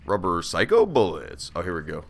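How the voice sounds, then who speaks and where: A man's voice: low voice, huge pitch swings, moderate pace, gravelly, soft background music. A man giving casual gameplay commentary on a stream, joking and swearing as he reacts aloud to the game. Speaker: let's play streamer.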